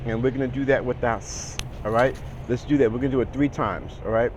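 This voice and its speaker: A man teaching a casual singing lesson, talking through posture steps in a relaxed way and checking in with the listener. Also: medium pitch, fairly quick. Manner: relaxed, talks through steps with "all right?" and "okay". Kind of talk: casual vocal lesson with exercises. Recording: outdoor traffic noise behind.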